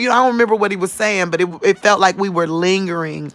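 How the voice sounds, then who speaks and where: Talking fast in a mid-range voice, a vlogger tells viewers about a dream she had, speaking straight to them in a casual, emotional, animated way. The recording is dry.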